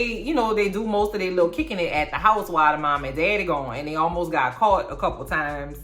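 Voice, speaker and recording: A woman delivers a casual film recap full of slang and sass, telling the story in an animated way. Her voice is low-pitched yet bright and forward. She is recorded in an echoey room with faint music behind her. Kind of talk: casual movie recap commentary.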